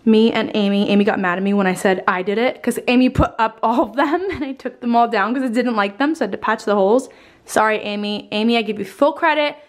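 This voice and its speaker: A woman's voice: fairly high pitch, quick pace. A woman in her twenties gushing about her holiday decorating while showing her home, a bit out of breath and swearing casually. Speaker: lifestyle vlogger. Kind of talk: casual home tour chat.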